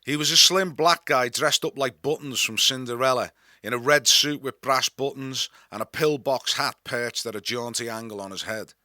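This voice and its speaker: A man with a Scouse accent reads aloud from his own memoir. His voice is bright and forward, and his delivery is wry and dry-humoured. The recording is close and dead dry. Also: medium pitch, normal speed, dry recording. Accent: Liverpool (Scouse). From Liverpool, England. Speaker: author and narrator. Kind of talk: memoir reading.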